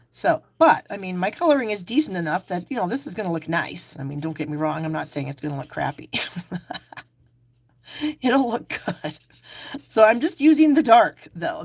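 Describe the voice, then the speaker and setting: A middle-aged woman with a slightly low voice hosts a live crafting stream. She talks casually and laughs at herself while she demonstrates each step. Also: dry recording. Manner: chatty, self-deprecating, talks while working. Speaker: card-making class host. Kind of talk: live craft demo with viewer chat.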